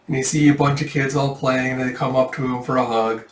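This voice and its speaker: A man's voice: mid-range voice, fairly even intonation, brisk. A man casually narrating a manga read-through, rambling and self-deprecating with many fillers. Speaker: manga reader. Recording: echoey room, distant mic.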